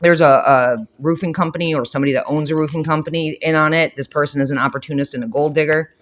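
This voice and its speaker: A man with a voice pitched somewhat high for a man delivers a spiritual reading straight to his viewers. He talks bluntly and swears freely, repeating phrases for emphasis and building to forceful declarations. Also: fairly even intonation, fast talker. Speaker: tarot reader.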